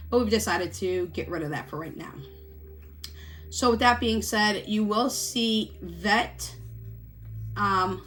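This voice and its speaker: Lady rambling through her budget at home, chatty, keeps correcting herself, mid-pitched voice. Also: a bit bright, a little hiss or hum. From Missouri. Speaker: budgeting vlogger. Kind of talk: casual chat to camera. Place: home desk.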